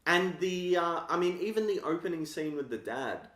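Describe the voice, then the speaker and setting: A man's voice: on the high side, lively intonation, moderate pace, a bit bright, echoey room. A man co-hosting a film podcast, bluntly criticizing with a laugh in his voice. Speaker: podcast co-host. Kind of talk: casual film chat.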